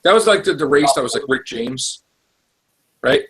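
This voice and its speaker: A man hosting a podcast, chatting in a rambling, excitable way with lots of fillers. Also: medium pitch, moderate pace, husky, poor audio. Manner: rambling, excitable fan talk with many fillers. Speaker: podcast host. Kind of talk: casual podcast chat.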